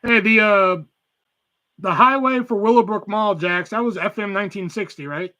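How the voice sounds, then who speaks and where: Young man, casual live stream host, swears a lot, high voice, bright tone. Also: moderate pace. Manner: profane, rambling, reads chat aloud. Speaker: livestream host.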